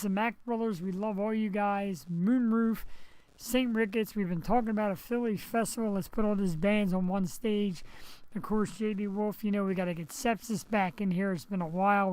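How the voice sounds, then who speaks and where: Still recovering from surgery, a high-pitched host runs a live web show from his home setup and chats casually into a headset mic, rambling through jokey asides. The recording is low-quality with no room sound.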